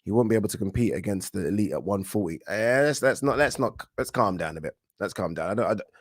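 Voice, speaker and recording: A man hosting a casual livestream, reading out viewer comments and giving animated, opinionated takes with frequent restarts. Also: fairly low pitch, fast talker, dry recording, studio quality. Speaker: boxing channel host.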